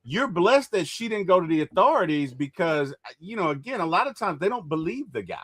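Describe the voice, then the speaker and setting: A man telling stories in casual chat, animated and laughing when excited. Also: high voice, a little fast, no room sound, studio quality.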